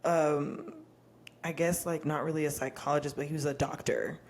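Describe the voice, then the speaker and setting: Brief: young woman, lowish voice, frank and profane podcast co-host, laughs easily. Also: fairly even intonation, normal speed, darkish tone, slight background noise. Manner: candid and profane, laughs often. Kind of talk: casual podcast chat.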